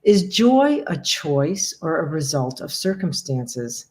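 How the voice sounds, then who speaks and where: A woman moderating a talk over a video call, reading audience questions aloud and giving calm, brief acknowledgements. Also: low-pitched, takes it slowly.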